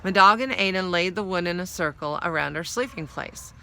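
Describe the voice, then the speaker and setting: A woman's voice: on the low side, a little fast, bright, forceful tone. A woman reading a novel aloud, narrating steadily in the first person. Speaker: storyteller.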